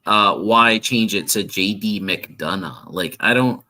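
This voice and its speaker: A man co-hosting a podcast, talking casually about wrestling with quick asides and the odd curse. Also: fairly low pitch. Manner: animated, swearing, jumps in with quick asides. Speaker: podcast co-host.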